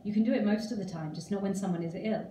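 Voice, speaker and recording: A woman reading aloud, voicing a sharp, superstitious middle-aged mother who talks bluntly and scolds. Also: medium pitch, quick pace, a little hiss or hum, natural voice. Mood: blunt, scolding. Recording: roomy, distant live reading.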